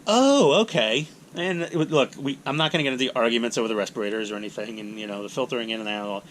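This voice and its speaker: A man's voice: medium pitch, steady tone, racing, fairly bright tone, slight background noise. A middle-aged man, hosting a hobby channel in casual, rambling, self-mocking talk. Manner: chatty, self-mocking, acts out voices in anecdotes.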